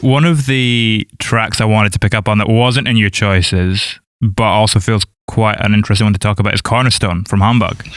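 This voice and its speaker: Male podcast host, low smooth voice, dry close mic, articulate interviewer. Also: fairly even intonation, moderate pace, hardly any pauses, no room sound.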